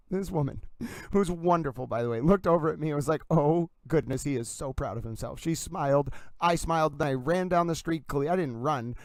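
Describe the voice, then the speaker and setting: A man hosting a livestream with theatrical, effusive commentary who keeps addressing his audience as ladies and gentlemen. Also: a little high, smooth, dry recording. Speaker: livestream host.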